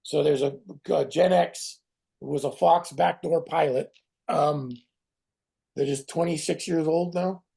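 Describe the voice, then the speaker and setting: A middle-aged man, a guest actor in a casual interview who tells animated stories, swears and acts out other people's voices. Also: a little high, measured pace, creaky, breathy edge. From Canada.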